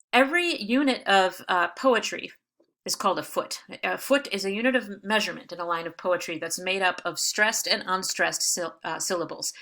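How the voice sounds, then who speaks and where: Bright-voiced woman teaching a recorded lesson. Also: lowish voice. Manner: explains patiently, with frequent fillers and restarts; reads verse with exaggerated stresses. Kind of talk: recorded lecture video.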